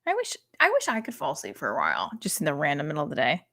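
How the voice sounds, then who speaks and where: Low-voiced woman doing rambling stand-up. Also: huge pitch swings, rapid-fire. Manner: rambling, profane, many "like" fillers; often hushed, talking quietly. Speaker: stand-up comedian. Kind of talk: casual stand-up on a livestream.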